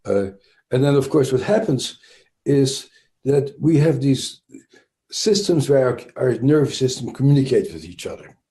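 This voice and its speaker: A trauma expert with a Dutch accent speaks as an interview guest at a measured pace, animated and warm in a medium-pitched voice. He explains thoughtfully, with frequent restarts and fillers.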